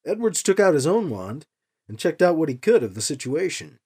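A man hosting a fiction podcast and reading a chapter aloud with animated, expressive delivery. His voice sits high and swings widely in pitch, with a husky texture. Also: moderate pace. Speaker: podcast host and narrator. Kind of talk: audiobook narration.

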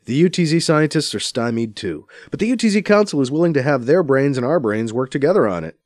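A man's voice: medium pitch, lively intonation, quick pace, darkish tone, no echo, pitched above the performer's own voice, close to an everyday voice. A man plays a reluctant man newly put in charge who talks in an earnest, fumbling way. His voice rises and falls a great deal. The recording is dry and close.

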